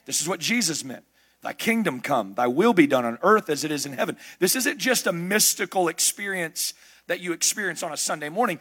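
A man preaching a sermon, emphatic, building his lists up to shouts. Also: on the high side, animated, fairly quick, slightly rough.

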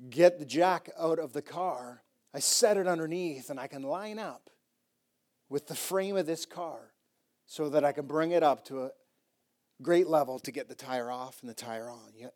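A middle-aged man pastor telling a story in a sermon, animated and rising to loud emphatic bursts, often repeating and restarting phrases. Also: mid-range voice.

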